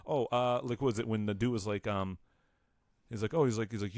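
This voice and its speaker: A man's voice: on the low side, expressive, fairly quick, no room sound, studio quality. A man co-hosting a comedy podcast, ranting in casual chat and swearing often. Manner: profane, ranting. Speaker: podcast co-host.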